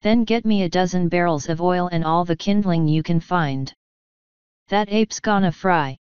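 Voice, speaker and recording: A woman voicing an angry, pompous male wizard who snarls and forces himself to sound calm. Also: fairly low pitch, normal speed, clear, resonant tone, dry recording, highs cut off, lightly acted. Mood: seething.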